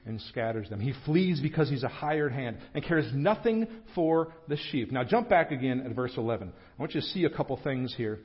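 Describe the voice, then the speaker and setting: A man's voice: mid-range voice, lively intonation, normal speed, few pauses, lo-fi sound. A man preaching a sermon in a church, earnest and emphatic. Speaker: pastor. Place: church sanctuary.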